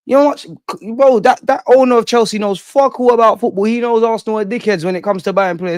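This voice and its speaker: A man's voice: high-pitched, fast talker, dry recording, studio quality. A young man, ranting and swearing in exasperation as a football fan channel host. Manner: animated, profane, exasperated ranting.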